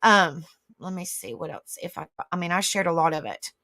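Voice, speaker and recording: Woman livestream host, bright edgy tone, dry close sound, indignant rambling rant, swears, talks back at online comments. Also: lowish voice, animated, moderate pace, dry recording. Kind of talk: live-stream commentary to viewers.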